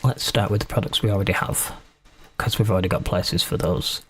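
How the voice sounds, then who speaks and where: A man's voice: low-pitched, steady tone, a little fast, fairly bright tone, husky. A man casually commenting on his own gameplay while streaming, chatty and self-mocking as he talks to himself.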